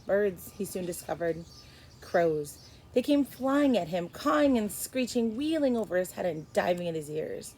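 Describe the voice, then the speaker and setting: Give me a woman teacher reading aloud to children, expressive, with a slight faint hiss behind. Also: medium pitch, moderate pace, low-quality recording. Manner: expressive, stops to explain to kids. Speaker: first grade teacher.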